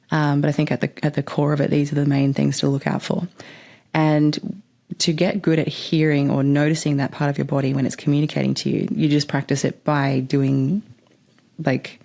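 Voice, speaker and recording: Low, gravelly-voiced woman chatting casually. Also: warm tone. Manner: chatty, rambling, swears casually. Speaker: podcast host. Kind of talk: casual spiritual advice chat.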